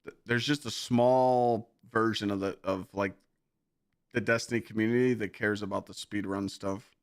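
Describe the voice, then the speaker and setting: A man's voice: on the low side, fairly even intonation, normal speed, no room sound, studio quality. A male game streamer in casual chat with his viewers, laid-back and rambling, with swearing and lots of filler.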